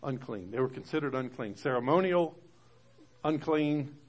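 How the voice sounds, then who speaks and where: A male pastor delivering a conversational sermon to his congregation. He rises louder and higher when reading scripture aloud. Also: a little slow.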